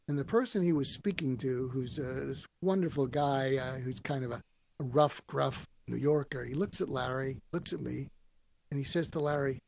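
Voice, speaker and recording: A man telling stories in an interview, acting out quoted lines with lively voices. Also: medium pitch, creaky. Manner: animated storyteller acting out quotes. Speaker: guest, author and speaker. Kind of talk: storytelling interview answers.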